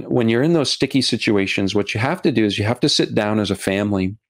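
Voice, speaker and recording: Gravelly low-voiced man, earnest and halting. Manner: earnest, halting, restarts and repeats words. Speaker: guest, documentary filmmaker. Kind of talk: podcast interview.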